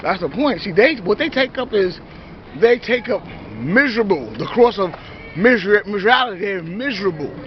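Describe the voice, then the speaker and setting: A man's voice: sits high, lively intonation, moderate pace, slight background noise. A man giving a confrontational, preachy monologue to his viewers, full of "you know" and "see". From New York. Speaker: self-styled preacher. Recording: dull lo-fi recording.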